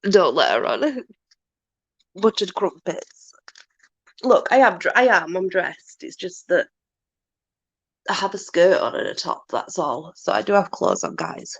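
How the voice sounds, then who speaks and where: A woman's voice: on the low side, big pitch swings, unhurried, vocal fry, pauses often, slightly rough, dry recording, dull audio. A woman chatting casually, apologetic and self-deprecating, fussing over her dogs. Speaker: channel host with dogs. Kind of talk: casual chat.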